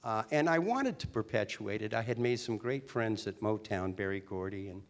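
A man's voice: lowish voice, normal speed. Chatty older man telling stories. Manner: chatty, animated, with restarts. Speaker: guest, former teen singer and actor. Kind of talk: storytelling interview talk.

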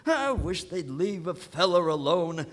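A frazzled cosmic official in an old rhymed radio play. His voice sits high and leaps all over the place, fussing and fretting at an unhurried pace. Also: sing-song, heavy background noise. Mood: fretful. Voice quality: fussy, fretful, theatrical. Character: flustered cosmic official, fussy middle-aged man. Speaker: vice president in charge of physiochemistry.

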